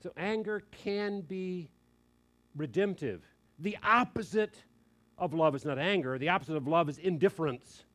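A man's voice: a little high, normal speed. An older man preaching a sermon, telling a family story in an earnest, conversational way. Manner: earnest, conversational, quoting others in lively asides.

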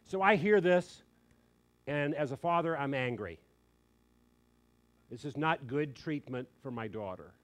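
A man's voice: on the high side, measured pace, long pauses. An older man preaching a sermon, telling a family story in an earnest, conversational way. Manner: earnest, conversational, quoting others in lively asides.

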